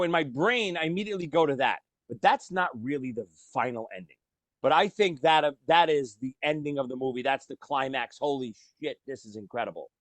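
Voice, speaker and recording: In a dry recording, a medium-pitched male podcast co-host talks films in a casual chat, full of animation. He drops casual swears and performs lines from movies.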